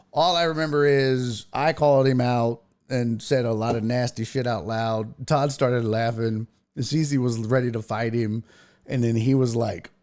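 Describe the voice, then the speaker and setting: A man hosting a podcast, telling a story in casual chat, swearing freely and building to loud rants. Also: medium pitch. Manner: profane, animated, rising to loud rants. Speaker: podcast host.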